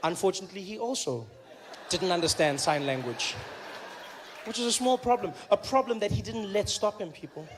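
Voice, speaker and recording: A man doing a stand-up set, with a fairly high voice. He tells stories with animated energy and slides into dry, deadpan asides. There is a faint hiss behind him. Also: normal speed. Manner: animated storytelling with sudden dips into deadpan. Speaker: stand-up comedian. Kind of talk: stand-up comedy routine.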